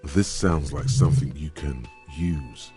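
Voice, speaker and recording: A man's voice: extremely low pitch, a little slow, dark tone, soft background music. A man voicing a grim, sardonic game narrator who describes the scene in dry, ominous tones.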